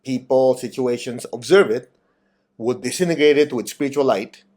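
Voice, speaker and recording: A man giving a spiritual talk and guided meditation, direct and animated, asking his listeners teasing questions. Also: mid-range voice, brisk. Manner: animated, acts out quoted voices. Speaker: meditation teacher.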